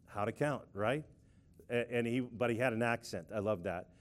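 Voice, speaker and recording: A middle-aged man preaching a lively sermon, playfully leading the congregation in call-and-response and prayer. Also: mid-range voice, moderate pace.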